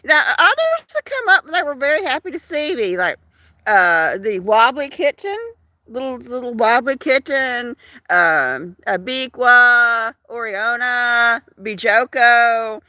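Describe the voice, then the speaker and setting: An older woman chats into her phone on a live stream, reading out viewer names. Her voice is high and bright and swings widely in pitch. The sound is dry and close. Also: lively intonation, slow, no echo. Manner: chatty, warm-hearted, frequent fillers and laughs. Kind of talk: casual chat reading out viewer comments.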